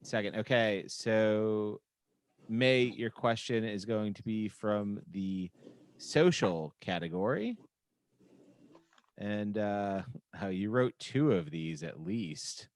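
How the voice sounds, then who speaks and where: A man's voice: fairly low pitch, lively intonation, takes it slowly, no echo. A man hosting a comedy debate show, moderating with dry, teasing remarks. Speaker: host and moderator.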